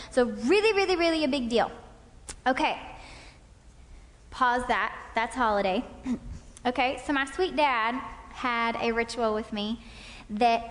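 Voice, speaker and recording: A woman in her thirties speaking to an audience, telling personal anecdotes and checking in with "okay?". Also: fairly high pitch. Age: 30s. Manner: warm anecdotal, frequent "okay?" check-ins. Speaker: speaker at a couples' talk. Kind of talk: storytelling talk to an audience. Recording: long hall reverb.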